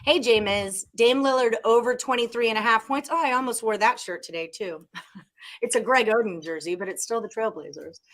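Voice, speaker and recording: A woman's voice: on the high side, normal speed, fairly bright tone. A woman hosting a casual sports betting show, bubbly and joking with her co-hosts. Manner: bubbly, laughs often, joking. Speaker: host.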